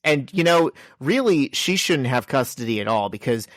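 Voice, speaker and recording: A man's voice: medium pitch, expressive, moderate pace, fairly bright tone, no room sound, studio quality. A man co-hosting a casual comic book podcast, joking as he recaps the plot and reads out dialogue. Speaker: podcast co-host.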